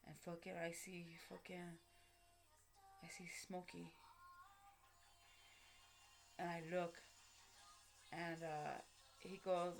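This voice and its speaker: A woman's voice: lowish voice, flat delivery, slow pace, vocal fry, pauses often, soft background music. A woman telling a personal story to camera in casual street slang, swearing often and correcting herself as she goes. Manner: rambling, frequent swearing and slang, many fillers and self-corrections.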